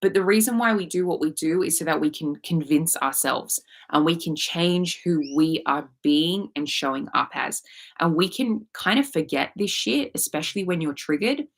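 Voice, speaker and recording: A woman's voice: low voice, lively intonation, moderate pace. A woman with an Australian accent, a manifestation coach talking casually on a livestream, frank and swearing freely. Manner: frank, swears casually, reads viewer comments aloud. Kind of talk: casual live coaching talk.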